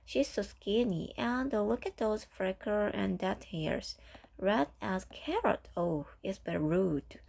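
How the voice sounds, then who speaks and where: A woman's voice: mid-range voice, lively intonation, slow pace, vocal fry, a little mellow, full character voice. A woman voicing a nosy older neighbor woman in a storybook reading, blunt and disapproving.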